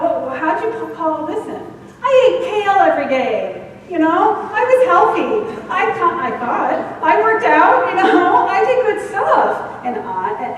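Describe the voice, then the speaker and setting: A woman minister with a high voice preaches her sermon frankly and pokes fun at herself along the way. She is picked up from far off in a big church hall, so a long echo trails every sentence. A faint hiss sits under the whole recording. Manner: candid and self-mocking, laughs at herself. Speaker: senior minister. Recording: echoey hall, distant mic, faint hiss.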